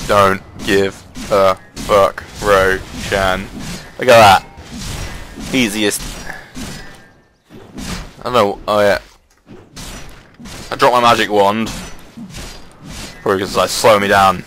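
A man giving casual, excitable commentary over a replay of his own online match, swearing freely and jumping up in pitch at the big plays. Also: slow, pauses often, slight background noise, low-quality recording.

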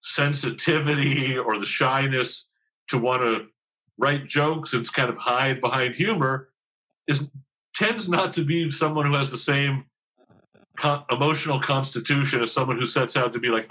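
Appearing as a podcast guest, a man in his fifties who writes for TV talks openly in a conversational interview, rambling, putting himself down, and restarting many times. He speaks at normal speed with a medium-pitched, sharp voice over poor audio.

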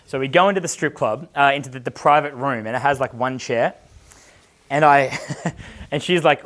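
A man's voice: medium pitch, normal speed, a bit bright. A man working as a dating coach, telling casual stories in a brash, profane way, laughing often and acting out the voices of the people in his stories. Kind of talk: casual storytelling chat.

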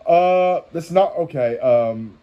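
This cartoon commentator's voice sits fairly high, and he speaks slowly and smoothly with animation, though the recording cuts off the highs. Channel-surfing through children's shows, he cracks jokes, hums the theme music and now and then bursts into bits of song.

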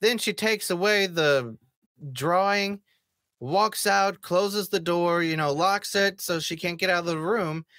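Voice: mid-range voice, a little slow, fairly bright tone, dry recording, studio quality. Sarcastic reviewer mocking a TV episode. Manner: swears casually. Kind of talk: casual review commentary.

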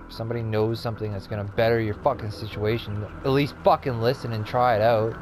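A man's voice: lowish voice, level tone, quick pace, few pauses. A man ranting with constant swearing while commentating his gameplay. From Canada. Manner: profane, exasperated ranting. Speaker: gaming streamer. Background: video game music.

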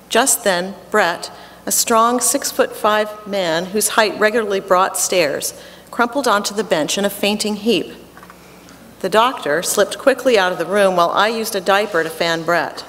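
Middle-aged woman reading a story on stage. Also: medium pitch. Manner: measured, earnest storytelling. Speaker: reader of a personal essay. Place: theatre stage before an audience. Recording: theatre hall reverb with faint noise.

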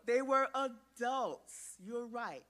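Speaking slowly in a fairly high voice, a woman gives a children's sermon in a church sanctuary. Her animated, coaxing delivery draws children and grown-ups alike into the lesson.

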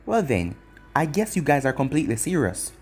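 A man's voice: medium pitch, big pitch swings, a little fast, darkish tone, breathy edge, soft background music. A man voicing a cruel, smug young male ninja who taunts his former friends with mocking chuckles.

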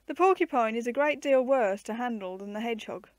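A woman reading the part of a patient, gently teasing uncle who explains zoo animals to children in a storybook. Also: extremely high pitch, animated, fairly quick, no room sound.

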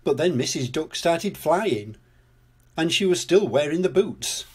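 Older storyteller man, slow, lively pitch, breathy voice. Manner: gentle, unhurried narration. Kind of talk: storybook read-aloud.

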